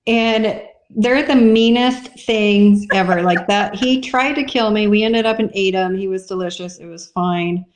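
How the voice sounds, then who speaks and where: A woman's voice: medium pitch, unhurried, few pauses. A woman dairy farmer as a podcast guest, chatting casually and acting out little voices in her stories. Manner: chatty storyteller, acts out voices.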